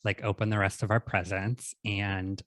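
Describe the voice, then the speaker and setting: Forties male host, easygoing casual chat, quick laugh, dry close mic. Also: fairly low pitch, no echo. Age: 40s. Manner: relaxed, laughs easily. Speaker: podcast host.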